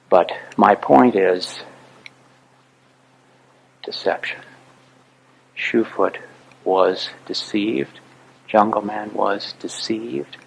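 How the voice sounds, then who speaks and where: A man's voice: deep voice, creaky, slight background noise, low-quality recording. A man giving an earnest, emphatic public talk to an audience as an author and speaker.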